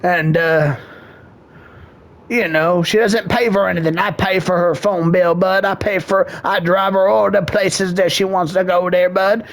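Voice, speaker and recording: A lazy, defensive husband who rants in a fairly high, gravelly voice, blunt and blustering, as a man puts him on. He keeps hammering the same folksy tag at the end of his lines. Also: steady tone, measured pace. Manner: blustering, ends every phrase with "there, bud".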